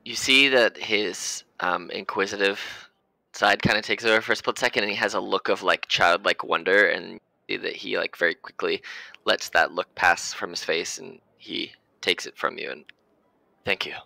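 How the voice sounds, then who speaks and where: Gravelly-voiced male game master. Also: low-pitched, normal speed, sharp tone, dry recording, rough recording. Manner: loose, casual narration with many fillers. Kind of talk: narrating a tabletop game.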